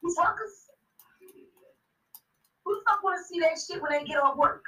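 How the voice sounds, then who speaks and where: Brief: high, bright woman, blunt and profane podcast guest, slightly off-mic. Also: normal speed, distant mic, poor audio. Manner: blunt, animated, swears constantly. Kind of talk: profane storytelling.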